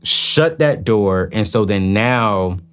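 A middle-aged man in relaxed conversation whose voice rises and falls in lively swings. He leans hard on his points and circles back to phrases to drive them home. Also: lowish voice, slow, clean tone. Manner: animated, emphatic, repeats himself for effect. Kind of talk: casual chat.

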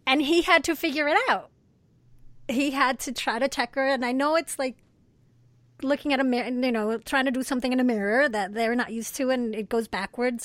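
Woman, birth worker, higher voice, plainspoken, dry recording. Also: dry recording. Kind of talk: casual storytelling chat.

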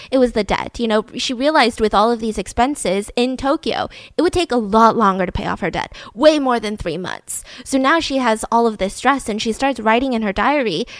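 A woman's voice: fairly high pitch, no room sound. A woman hosting a podcast, telling a true-crime story in a chatty way, swearing casually and laughing between points. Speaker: podcast host.

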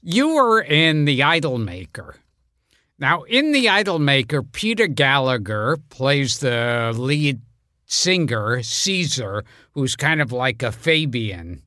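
A man co-hosting a podcast in a studio, chatting casually with a wry, drawn-out delivery. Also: mid-range voice, big pitch swings, sharp tone, no echo. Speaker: podcast co-host. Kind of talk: casual chat.

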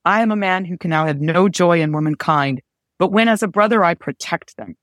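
A woman reading aloud the lines of a gallant, protective male Scottish knight in a gentle, earnest way. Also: lowish voice, a little fast, no room sound, studio quality, natural voice.

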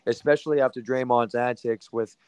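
A man's voice: medium pitch, fairly even intonation, darkish tone, smooth, no echo. Male sports fan caller, stumbling casual chat, dry. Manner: halting, full of restarts and fillers.

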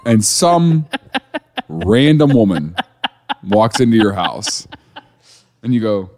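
A man's voice: fairly low pitch, slow, long pauses. A man co-hosting a podcast, cracking jokes and acting out little bits in casual chat. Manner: joking, animated reactions and bits. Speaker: podcast co-host.

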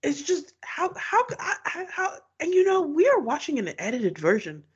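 A woman's voice: high voice, very animated, moderate pace. A woman co-hosting a casual podcast, sounding exasperated and trailing off as she reacts to a scene. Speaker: podcast co-host. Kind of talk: casual recap chat. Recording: dull, muffled sound.

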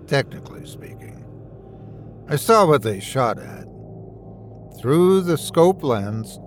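A man's voice: medium pitch, a little hiss or hum. Man narrating a horror story. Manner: suspenseful, first-person storytelling.

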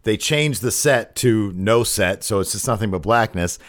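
A man's voice: lowish voice, moderate pace, dry recording, clean studio sound. A man co-hosting a podcast, telling stories with energy and acting out the lines of the people he quotes. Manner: animated storytelling, mimics people he quotes. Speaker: podcast co-host. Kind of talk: casual recap chat.

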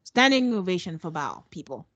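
Woman cohost, snarky animated recap, super dry close sound. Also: fairly low pitch, moderate pace, dry recording, highs cut off. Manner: sarcastic, animated storytelling with acted quotes. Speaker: podcast co-host. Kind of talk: casual recap chat.

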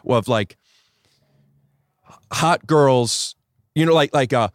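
A male comedian guest on a podcast outdoors, chatting casually with wry, deadpan jokes. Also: mid-range voice, takes it slowly, no room sound, studio quality. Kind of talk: casual chat.

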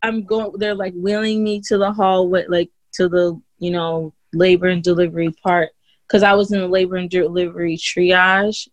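Recounting her birth story as a chatty interview-show guest, a woman leans heavily on "like" and "you know" and restarts often, raising her voice to play other people's lines. Her voice is fairly low, flat, and moderately paced, with no echo.

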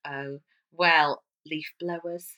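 Bright-voiced teasing woman co-host. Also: deep voice, steady tone, muffled recording, faint music behind. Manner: teasing, quick with jokes. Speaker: podcast co-host. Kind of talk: casual chat.

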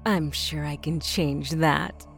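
A woman playing a gleeful, sadistic wife in a horror audio drama, with a sweet, eager, unhurried delivery. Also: sits low, steady tone, soft background music. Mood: sweetly wicked.

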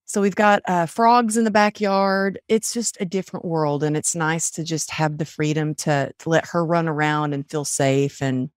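A middle-aged woman from Texas tells her stories with lots of animation and breaks into the voices of the people in them. Her voice sits a little low. The recording is dry and close. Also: moderate pace, few pauses, clear, resonant tone, no echo. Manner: animated storyteller, acts out quotes. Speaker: podcast guest, author and coach. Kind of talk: casual interview chat.

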